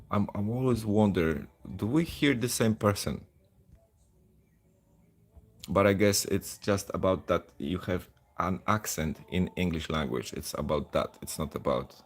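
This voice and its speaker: A man from Poland chatting casually and self-deprecatingly as he streams live gameplay of a mobile game. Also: deep voice.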